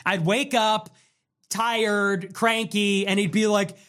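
Young male podcast host, high voice, ironic, profane, meandering solo talk. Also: flat delivery, slow, fairly bright tone. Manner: profane, ironic and rambling, with mock voices for quoted people. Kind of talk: casual rambling monologue.

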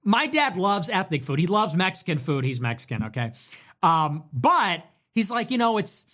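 A young man hosts a livestream and rants through profane, sarcastic commentary. His pitch swings widely from low grumbles to high mocking bursts. He sounds heated and opinionated throughout. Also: sing-song, moderate pace, sharp tone. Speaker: livestream host.

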